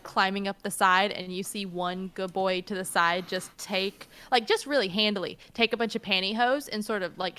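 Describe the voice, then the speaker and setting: A woman's voice: medium pitch, a bit bright, clean tone. A woman narrating a tabletop game as game master, loose and conversational, full of "like" and "sort of".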